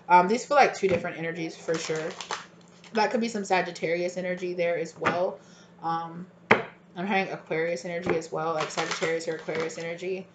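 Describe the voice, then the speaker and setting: A woman's voice: fairly low pitch, quick pace, echoey room, a little hiss or hum. A woman giving a casual tarot reading to her viewers, talking loosely with lots of fillers and repeated words. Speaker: tarot reader.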